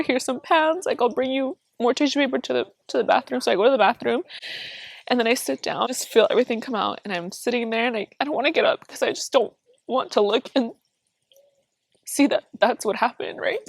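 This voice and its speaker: A woman's voice: a little high, lively intonation, a little fast. A young woman vlogger telling viewers a painful personal story in a candid, chatty way, full of fillers. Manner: candid, talks straight to viewers, many fillers. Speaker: family vlogger.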